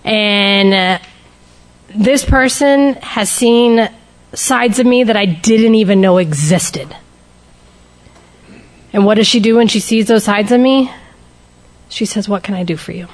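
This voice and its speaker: A woman's voice: medium pitch, slow, pauses often. A woman speaking candidly and emotionally to a recovery group, sharing her personal testimony and shifting her pace for emphasis.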